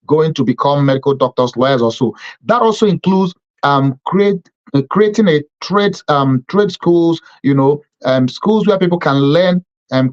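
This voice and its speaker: A male TV host delivers a political commentary monologue in a slightly high voice. He drives his points home by stacking repeated phrases and pausing on fillers. The recording sounds dull and muffled. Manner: emphatic, repeats phrases in lists, frequent fillers. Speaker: TV program host.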